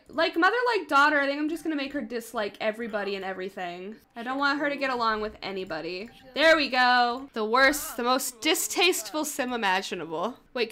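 A young woman chats through her gameplay in a playful, excitable way, chanting the same commands again and again. Her voice sits high and swoops widely. It has a bright, crisp edge. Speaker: gaming video host. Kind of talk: casual gameplay commentary.

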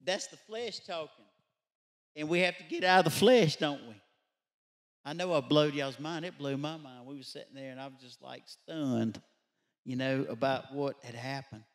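A man's voice: mid-range voice, normal speed. A pastor preaching a midweek Bible study, telling a story in a conversational way and putting rhetorical questions to his congregation. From Louisiana. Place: church sanctuary.

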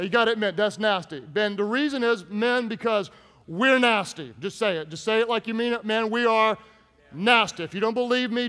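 A man preaching a humorous sermon to his congregation, joking and telling stories with lively asides. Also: high voice. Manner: jokey, animated storytelling with asides to the congregation. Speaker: pastor. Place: large church hall. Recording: long hall reverb from a church.

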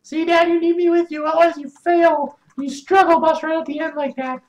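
A man's voice: flat delivery, brisk, darkish tone, dull audio. A man putting on the voice of a young son who whines and yelps at his dad while they play a game. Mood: smug. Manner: shrill, yelping, bratty.

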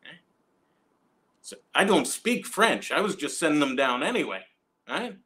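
A young Canadian man runs a stand-up story with deadpan asides and a habit of tagging lines with "right?". His voice is bright and sits a little high. He tells it loosely, in a casual tone. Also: normal speed. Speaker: stand-up comedian. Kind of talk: stand-up set streamed from home.

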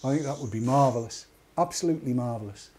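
A man's voice: mid-range voice, fast, warm tone, slight background noise. An English man co-hosting an online talk show, chatting casually and reading a news story aloud with wry, jokey asides. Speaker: podcast co-host.

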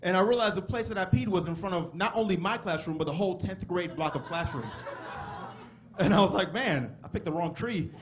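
On a comedy club stage, a young man with a high-pitched voice tells stories in a stand-up set, animated and fond of drawn-out exclamations. A little hiss or hum is audible in the recording.

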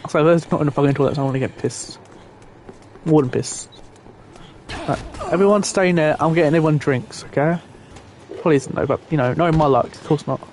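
This is a young man doing let's play commentary. His voice sits a little high and comes through with clear game sounds behind it. He rants, swears and barks orders at the on-screen characters in exasperation. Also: a little fast, pauses often, a little mellow, a little hiss or hum. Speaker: gamer.

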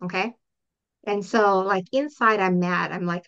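Middle-aged woman, parent coach guest; bright, crisp-edged voice, earnest and explanatory; muffled lo-fi audio. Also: medium pitch, fairly even intonation, unhurried. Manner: earnest, explanatory, acts out example dialogues. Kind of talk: interview answers. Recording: dull lo-fi audio.

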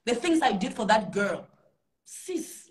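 A woman's voice: fairly high pitch, sing-song, takes it slowly. A woman ranting angrily and emphatically in a heated casual chat. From South Africa.

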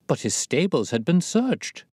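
A man's voice: on the high side, sing-song, measured pace, darkish tone, slightly rough, no echo, clean studio sound, pitched above the performer's own voice, full character voice. A man reading the part of a loyal, earnest male companion who questions plainly.

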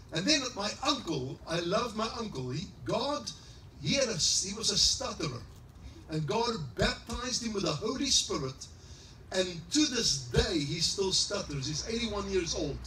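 A middle-aged pastor preaching a sermon in a high, bright, ringing voice, often climbing into shouted, sing-song exclamations. He sounds some distance from the mic in an echoey hall, with a faint hum of room noise behind him. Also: lively intonation, a little slow. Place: church service in a large greenhouse hall.

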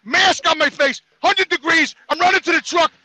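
A man's voice: very high voice, moderate pace, bright, forceful tone, no room sound, low-quality recording. A man telling an exasperated, profane story on a podcast, acting out the people in it. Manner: exasperated, heavy swearing, acts out quotes. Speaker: podcast regular.

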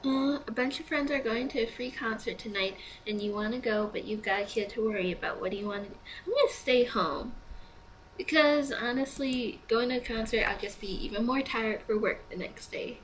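A young woman reads game prompts aloud and weighs each choice in a casual, chatty way. She sounds sleepy, and her voice sits a little high. A faint hiss runs under the recording. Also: a little fast, poor audio. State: sleepy, yawning. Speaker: gamer playing a choice game. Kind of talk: let's play commentary.

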